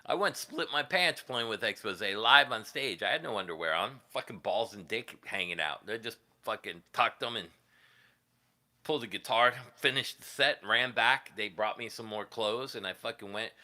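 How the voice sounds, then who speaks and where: A man's voice: lowish voice, moderate pace, sharp tone. A man hosting a casual livestream, telling rambling, profane stories from his years as a musician and laughing at them. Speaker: livestream host, guitarist.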